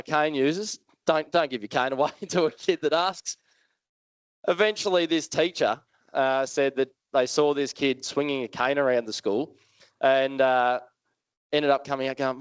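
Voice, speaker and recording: An Australian man speaks to a live audience in a smooth, resonant voice at an ordinary middle pitch. He tells his story in a casual, lively way and keeps turning questions back to the crowd. The sound is dry and close, with almost no room echo. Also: moderate pace. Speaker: motivational speaker. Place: live event hall with audience.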